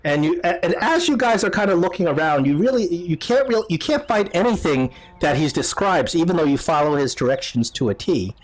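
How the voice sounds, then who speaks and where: Dm guy narrating a d&d session, kinda high voice, lots of uhs, super casual. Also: animated, brisk, hardly any pauses. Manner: casual, with many fillers and restarts. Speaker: game master. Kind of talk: narrating a tabletop game.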